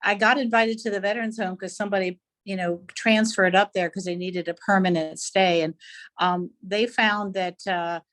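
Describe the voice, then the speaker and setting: A woman's voice: medium pitch, fairly even intonation, a bit bright. A woman art teacher talking casually over a video call, often stopping to search for words. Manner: halting, searches for words with many fillers. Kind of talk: casual chat.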